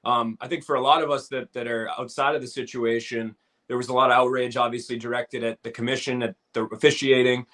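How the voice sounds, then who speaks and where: A man interviewing a fighter, asking questions in a quick conversational way. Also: medium pitch, little pitch movement, fairly bright tone.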